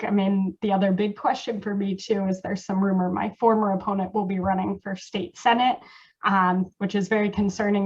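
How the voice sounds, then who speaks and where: A woman speaking on a panel in a measured, hesitant way, with many fillers. Her voice sits at a middling pitch. The sound is dull and lo-fi, as if over a video call. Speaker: former political candidate. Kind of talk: panel discussion.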